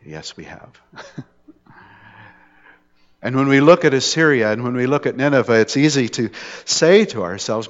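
A man's voice: mid-range voice, big pitch swings, normal speed, pauses often. A man preaching a sermon in a conversational style, with jokes and rising intensity on the dramatic points. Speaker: pastor. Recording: dull lo-fi hall recording.

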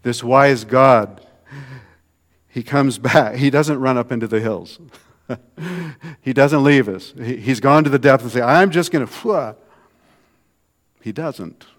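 A man's voice: medium pitch, a little slow, pauses often. Man preaching a conversational sermon. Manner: conversational, swinging from soft to emphatic.

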